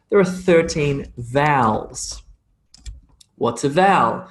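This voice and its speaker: An English teacher with a slight Australian accent and a somewhat high voice runs a live pronunciation class. He jokes now and then, checks in with "okay?", and repeats sounds over and over to demonstrate them.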